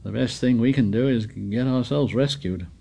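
An earnest boy leader who speaks plainly and pushes back with indignation, as a man voices him in an audiobook. His voice sits at a middle pitch. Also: normal speed, gravelly, warm tone, slightly rough. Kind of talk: audiobook character reading.

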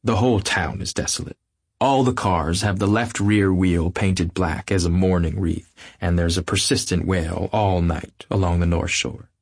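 A man reading an audiobook, voicing a bright, high-spirited young woman who gushes with charm. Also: fairly even intonation, normal speed, breathy edge, no room sound, studio quality. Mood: gushing. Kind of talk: audiobook character voice.

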